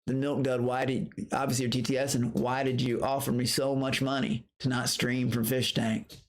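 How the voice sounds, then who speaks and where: Male streamer, casual livestream rant, profane, animated, mid-pitched voice, sudden squeaky outbursts. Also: moderate pace. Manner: reads chat and greets viewers mid-story.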